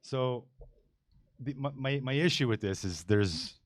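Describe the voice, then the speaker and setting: A man's voice: mid-range voice, lively intonation, unhurried, no room sound. A man in his forties hosting a casual podcast panel, talking bluntly and rambling with many restarts. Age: 40s. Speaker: podcast host.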